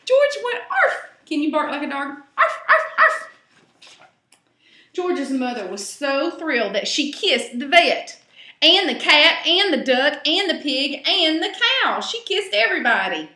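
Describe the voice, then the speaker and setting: Lady reading a kids book, bright voice, bouncy sing-song, echoey room. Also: high-pitched, normal speed. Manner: animated, gasping, sing-song, talks straight to kids. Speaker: storyteller host. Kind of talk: children's read-aloud. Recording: roomy echo.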